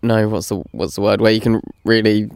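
A man's voice: fairly low pitch, fairly even intonation, brisk, gravelly, darkish tone, no echo, clean studio sound. A young man in casual, chatty conversation, laughing often as he talks. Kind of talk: casual chat.

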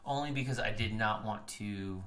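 A man's voice: moderate pace, over a noisy crowd. Rambling man on a casual podcast. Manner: rambling, loose, many "like" fillers. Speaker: podcast co-host. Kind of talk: casual chat. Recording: iPhone mic, low production.

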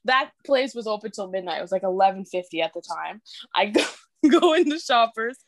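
A young woman from Canada in casual podcast chat, telling an animated story, cursing freely and laughing as she goes. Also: medium pitch, brisk.

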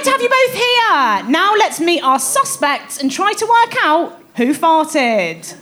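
A woman's voice: very high voice, big pitch swings, takes it slowly, a bit bright. A woman reading a comedy sketch as a playful game-show host, with a live audience. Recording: live audience laughter behind.

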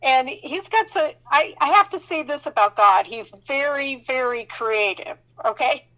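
Woman with a higher voice, casual storyteller sharing her faith, animated and given to laughter. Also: a little slow, rough recording. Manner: animated storyteller who laughs often and acts out dialogue. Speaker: Christian counselor sharing her testimony.

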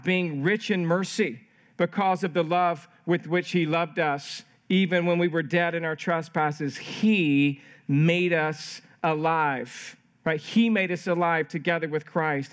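A middle-aged male pastor preaching a sermon in an earnest way, often repeating and restarting his phrases. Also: sits high.

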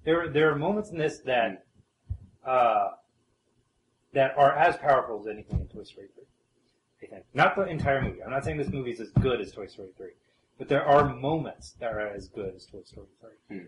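A man's voice: medium pitch, animated, brisk, echoey room, slight background noise, poor audio. A man co-hosting a casual film discussion podcast, thinking aloud and hedging with many ums. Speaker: podcast co-host.

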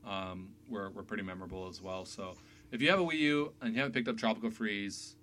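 A man hosting a casual podcast chat about video games, excitable and full of fillers. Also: on the low side, fast. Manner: chatty, excitable, many fillers. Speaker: podcast host.

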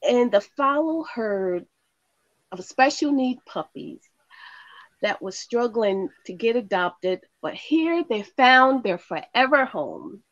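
A woman's voice: on the high side, expressive, takes it slowly, lo-fi sound. A woman co-hosting a pop culture podcast who chats casually, agrees readily, and laughs along with her partner. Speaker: podcast co-host. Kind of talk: casual chat.

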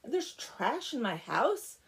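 A woman's voice: on the high side, big pitch swings, takes it slowly, vocal fry, voice pushed up, heavily acted. A woman voicing a moody, lovesick young village blacksmith with whiny, dramatic groaning. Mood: mopey, dramatic.

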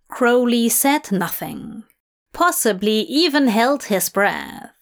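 A woman narrating a fan fiction audiobook in a soft, measured storytelling manner. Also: a little high, lively intonation. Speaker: reader.

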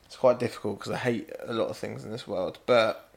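A man's voice: lowish voice, a little fast, creaky. A man, a podcast co-host ranting casually and swearing. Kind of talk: casual chat.

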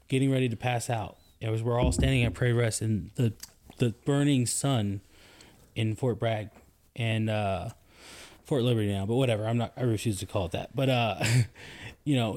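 A man, a soldier and podcast co-host, telling a story in casual chat, his voice climbing high when he gets indignant. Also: moderate pace. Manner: animated storytelling, rising pitch when indignant.

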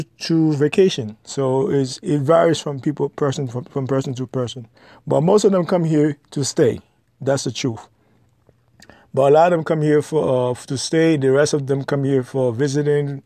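A man's voice: mid-range voice, dark tone, dry recording, studio quality. A man giving blunt, lecturing advice in an opinionated monologue, repeating his points.

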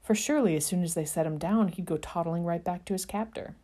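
Woman storyteller, expressive and dramatic, dark low tone. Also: fast talker. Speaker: fan fiction reader. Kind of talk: storybook narration.

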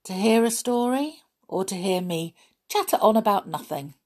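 A woman's voice: medium pitch, expressive, moderate pace, darkish tone. A woman chatting playfully to listeners before reading a children's story aloud as a parent. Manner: playful, chatty, laughs often. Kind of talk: casual chat and storybook reading.

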